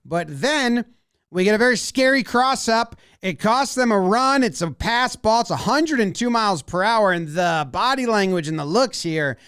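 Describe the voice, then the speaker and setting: Brief: male baseball analyst, high, bouncy voice, dry close sound, playful play-by-play breakdown. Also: normal speed, clean tone, no echo. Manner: animated, acts out players' imagined lines.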